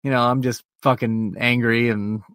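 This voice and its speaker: A man's voice: mid-range voice, flat delivery, normal speed, fairly bright tone, no echo, studio quality. A man co-hosting a podcast, telling a long, profane story in casual chat. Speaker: podcast co-host.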